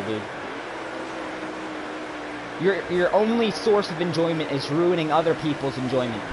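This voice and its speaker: A racing game streamer unleashes an angry, profanity-filled rant at another player, broken by long pauses. His fairly high voice is animated at normal speed, under heavy background noise.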